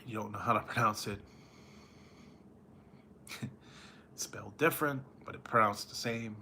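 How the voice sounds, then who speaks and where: A man's voice: on the low side, pushed and bright, slight background noise. A tired man rambling and chuckling as he chats casually with viewers on a late-night livestream. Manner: rambling, chuckling often, drawn-out slow delivery. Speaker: food reviewer chatting with live viewers.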